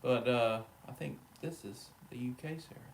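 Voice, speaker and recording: A man co-hosts a relaxed live stream, talking straight to his viewers by name. His chat is easygoing and full of jokes, at a middle pitch. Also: normal speed, a little hiss or hum. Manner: chatty, joking, talks to viewers by name.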